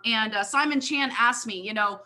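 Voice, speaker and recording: Bright, high-voiced woman rallying a crowd. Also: normal speed. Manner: energetic, keeps addressing the crowd as "you guys". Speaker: guest speaker, network marketing leader. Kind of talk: motivational talk at a live company event.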